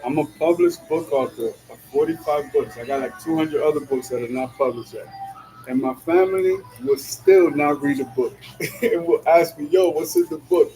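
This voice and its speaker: The voice is male, fairly high and dark in tone, at a normal speed, and the audio is poor. He is a vlogger talking casually while driving with music on, using slang such as "yo" and "you know what I'm saying" and laughing often between lines.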